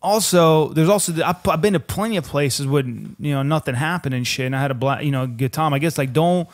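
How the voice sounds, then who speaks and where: A man's voice: a little high, fairly quick. Profane, rambling young man telling stories. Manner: profane, rambling storyteller saying "dude" a lot. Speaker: podcast co-host. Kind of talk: casual chat.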